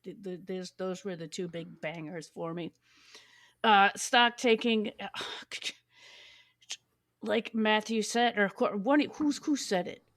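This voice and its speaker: A woman's voice: medium pitch, takes it slowly, long pauses. Enthusiastic, swearing woman gushing about music. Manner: enthusiastic, swears a lot, many restarts. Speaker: podcast host. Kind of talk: casual music chat.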